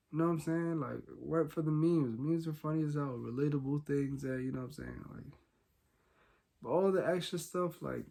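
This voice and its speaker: A young man hosting a solo podcast, talking casually and candidly, rambling with many fillers and swinging between quiet and loud. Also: on the high side, creaky. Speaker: podcast host.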